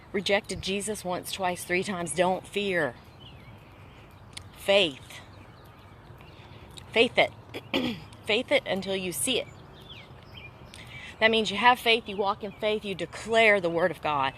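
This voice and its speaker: A woman host with a mid-range, slightly bright voice tells her faith testimony in a casual conversation. Earnest and emphatic like a preacher, she repeats phrases for weight; a little hiss or hum is audible.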